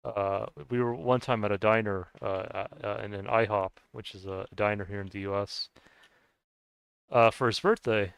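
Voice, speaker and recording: A man's voice: fairly low pitch, steady tone, normal speed, vocal fry, a bit bright, smooth, dry recording. An American man with a Scottish-sounding accent, chatting casually and rambling hesitantly while streaming a game, laughing often. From United States. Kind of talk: casual chat while gaming.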